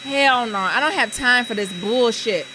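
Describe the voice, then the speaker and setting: A woman's voice: a little high, normal speed, background noise. A woman co-hosting a podcast at home, shrieking and swearing in panic during casual chat. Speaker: podcast co-host.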